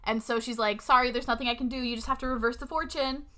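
A woman's voice: a little high, fairly even intonation, quick pace, sharp tone. A young woman co-hosting a casual movie recap, blunt and sarcastic, swearing freely. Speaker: podcast co-host.

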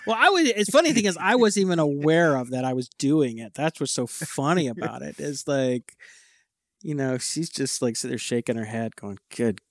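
A man co-hosting a casual podcast chat, his fairly high voice bouncing with lively swings in pitch. He tells stories in an animated way, laughing often and swearing casually. The sound is dry and close, with no room echo. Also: normal speed. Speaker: podcast co-host.

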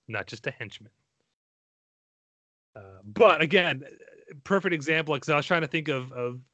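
A man's voice: medium pitch, pushed and bright, no echo. A man hosting a podcast, talking enthusiastically and rambling, with frequent restarts and self-deprecating asides. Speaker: podcast host. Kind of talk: casual podcast chat.

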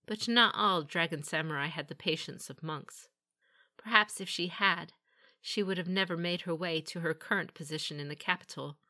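Audiobook: woman narrator, steady storytelling, lowish pitch with a bright, crisp tone. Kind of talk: scripted fantasy narration.

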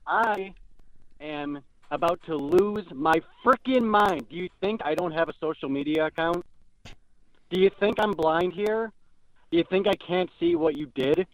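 Hotheaded young caller, flustered rants, played by a man, high and swooping. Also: expressive, a little slow, a bit bright, dry recording, full character voice, rough recording. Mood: angry. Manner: frantic, whiny, flustered rants. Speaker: prank caller. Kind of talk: comedic call-in sketch.

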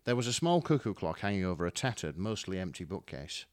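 A man narrating a fan story with a dramatic, wry delivery. His voice sits on the low side yet moves very expressively. The recording is close and dry. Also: very animated, quick pace, dry recording. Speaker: story reader. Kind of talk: expressive fan fiction reading.

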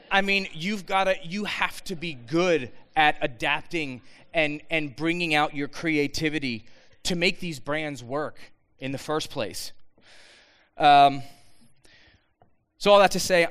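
Earnest guy giving a talk to students, smooth clear voice, keeps restarting sentences. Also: a little high, takes it slowly. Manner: earnest, animated, with many restarts. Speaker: speaker addressing students.

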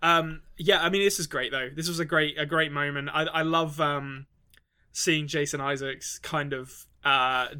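A man co-hosting a casual podcast chat. His voice sits a little high and sounds bright and forceful. He talks in loose bursts, full of "um" and restarts. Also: steady tone, unhurried, smooth. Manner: hesitant, many restarts and fillers. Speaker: podcast co-host.

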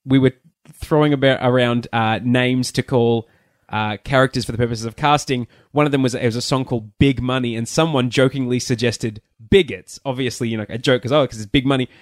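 A man's voice: mid-range voice, fairly even intonation, a little fast, no echo, studio quality. A man co-hosting a podcast, chatting casually and rambling through stories with lots of asides. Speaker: podcast co-host. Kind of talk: casual chat.

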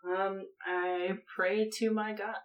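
Woman, tabletop player, playful, laughing, mid-pitched voice. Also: flat delivery, slow. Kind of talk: casual tabletop play.

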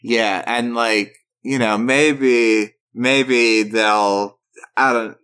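A young man co-hosting a podcast, chatting casually in an unhurried, deadpan way and swearing now and then. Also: medium pitch, clean tone. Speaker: podcast co-host. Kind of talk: casual chat.

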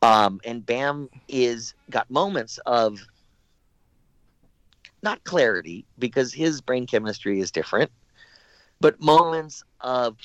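A man's voice: mid-range voice, takes it slowly, long pauses, no echo, lo-fi sound. A male actor telling long, rambling anecdotes in a casual interview, acting out other people's words as he goes. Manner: rambling, animated anecdotes with quoted voices. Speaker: guest actor. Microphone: remote call.

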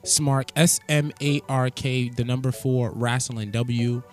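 Man, podcast co-host, mid pitch, blunt, profane, teasing, faint music behind. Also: fairly even intonation, takes it slowly, a little mellow. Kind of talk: casual podcast chat.

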